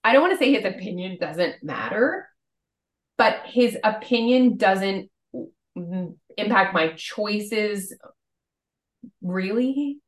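A woman's voice: mid-range voice, animated, slow pace, reverberant. A woman co-hosting a podcast, chatting casually and filling her talk with "like". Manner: chatty, lots of "like" fillers. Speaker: podcast co-host. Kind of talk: casual chat.

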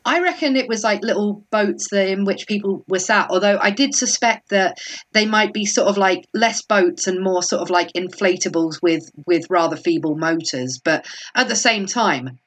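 Chatty woman, book-club banter. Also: mid-range voice. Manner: animated, quick asides and acted-out quotes. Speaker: podcast co-host. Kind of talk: casual book-club chat.

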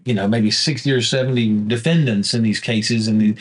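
A man's voice: medium pitch, brisk. Attorney guest, man, vivid storyteller who acts out quotes. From Southeast Texas. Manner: lively storyteller, acting out quoted dialogue. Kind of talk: storytelling conversation.

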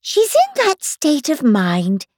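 A woman's voice: sits high, wildly swooping pitch, takes it slowly, a little mellow, no echo, clean studio sound, voice pushed up, full character voice. A woman voicing a feeble, fretful queen who moans and frets, in a storybook reading. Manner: moaning, fretful. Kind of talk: audiobook character voice.

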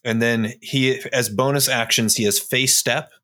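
A man's voice: medium pitch, fairly even intonation, a little slow, bright, forceful tone. A man at a tabletop game, eagerly reading out and explaining the rules of his spell. He speaks in a mid-range voice, with casual fillers. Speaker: player.

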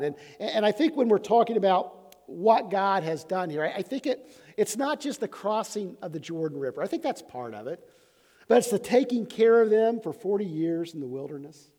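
A man in his fifties preaches a conversational sermon as pastor in a high-pitched, animated voice with a dark tone at normal speed. He often restarts and repeats words, and a long hall reverb surrounds the recording.

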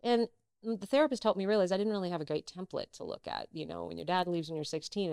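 A middle-aged actress, a guest in a casual interview, telling personal stories and acting out what others said. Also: female voice, lowish voice, no echo, studio quality. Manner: animated, acts out quoted dialogue.

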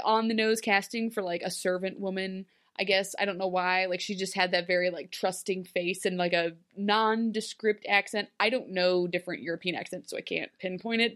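A woman in her thirties co-hosting a casual recap chat, animated and laughing often as she acts out scenes. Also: mid-range voice. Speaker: podcast co-host.

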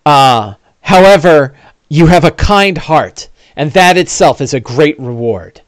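A man voicing a gentle, philosophical cleric companion who speaks in a soft, sententious way. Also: on the high side, expressive, a little slow, no room sound, clean studio sound. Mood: musing.

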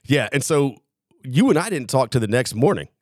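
A man's voice: medium pitch, very animated, fairly quick, a little mellow, dry recording. A man casually telling a rowdy story to a friend, swearing often and acting out his own past lines. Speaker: podcast co-host.

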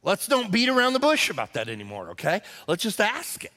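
High-voiced pastor preaching. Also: male voice, wildly swooping pitch, brisk, pushed and bright, big-room sound. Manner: conversational, emphatic, acts out quotes in character voices. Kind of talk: sermon.

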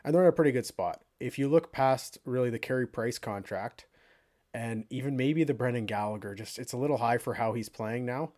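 Animated rambling sports-talk guy. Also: mid-range voice, brisk. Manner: rambling, animated, many fillers. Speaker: podcast co-host. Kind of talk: casual sports chat.

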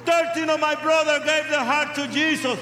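An older man preaching a testimony sermon with English, impassioned and shouting at the peaks. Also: extremely high pitch, fairly even intonation, moderate pace, over music, crowd noise. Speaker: evangelist. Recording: roomy hall sound.

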